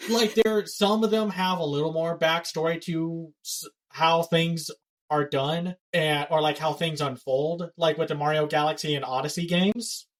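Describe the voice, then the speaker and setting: A man's voice: a little high, steady tone, rough recording. A man co-hosting a casual pop culture podcast, blunt and given to ranting. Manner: blunt, ranting, fast-talking. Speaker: podcast co-host.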